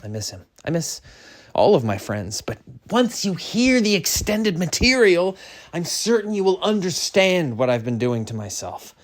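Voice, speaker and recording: A middle-aged man hosting a comedic podcast monologue, rambling and jokey, swinging between a mock-solemn hush and sudden loud bursts. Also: high voice, big pitch swings, a little slow. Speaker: podcast host.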